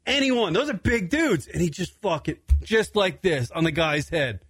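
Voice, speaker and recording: A man's voice: sits high, moderate pace, breathy edge, no room sound. A young adult man hosting a radio talk show, telling a long story casually, swearing freely and laughing as he goes. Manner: animated, swearing often, laughing through the story.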